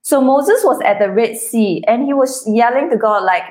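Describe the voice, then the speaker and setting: A woman's voice: fairly high pitch, normal speed, a little mellow. A woman guest author speaking earnestly and from the heart in an interview, with some restarts. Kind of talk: interview, personal testimony.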